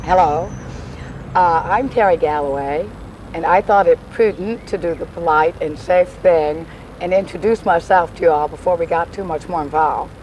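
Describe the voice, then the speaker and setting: A woman's voice: on the low side, moderate pace, darkish tone, low-quality recording. Woman doing a funny stage monologue outdoors, wry and self-mocking, light street noise. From Texas. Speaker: solo stage performer. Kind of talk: comic autobiographical monologue. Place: outdoor alley.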